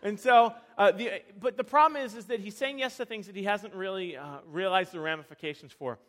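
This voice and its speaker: High-voiced young pastor telling lively stories. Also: male voice, a little fast. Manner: animated, self-deprecating storytelling with frequent restarts. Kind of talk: sermon with personal stories.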